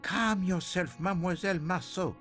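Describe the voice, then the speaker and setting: Game cast: a precise, dignified old detective, slightly high voice, wry. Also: male voice, normal speed. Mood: formal. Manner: formal, precise, gently wry. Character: fussy, dignified older male detective. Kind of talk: game voice acting. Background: game music.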